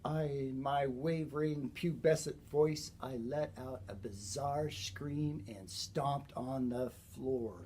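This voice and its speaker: A man telling a story from his own childhood in an unhurried, folksy way, clearing his throat now and then. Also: mid-range voice, dark tone, a little hiss or hum. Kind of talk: personal storytelling.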